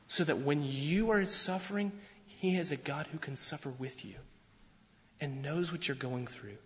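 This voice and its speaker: A man's voice: mid-range voice, a bit bright. A preaching man in a reverberant hall. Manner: earnest preaching, slows and swells for emphasis. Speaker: pastor. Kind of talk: sermon. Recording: dull sound with long hall reverb.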